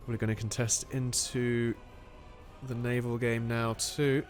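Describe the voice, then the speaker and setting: Brief: male caster, mid-pitched, lively play-by-play of a strategy game with quick exclamations, faint music underneath. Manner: excitable, animated play-by-play with frequent exclamations. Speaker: game commentator. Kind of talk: live strategy game commentary.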